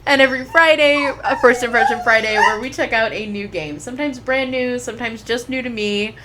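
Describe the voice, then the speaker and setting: A woman's voice: fairly high pitch, fairly quick, very noisy. A young adult woman streaming a video game at home, chatting casually and talking to her pet. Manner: chatty, talks to her pet in a soft coaxing voice.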